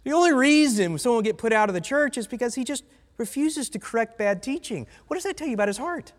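A man's voice: very high voice, lively intonation, quick pace, long reverb tail. A male pastor from the United States preaching a sermon bluntly, with conversational asides to his congregation. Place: church sanctuary.

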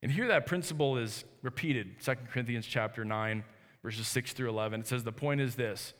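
Speaking fairly quickly in a medium-pitched, fairly bright voice, a pastor in his thirties gives an earnest, conversational sermon. He restarts at times, and the church sanctuary echoes around him.

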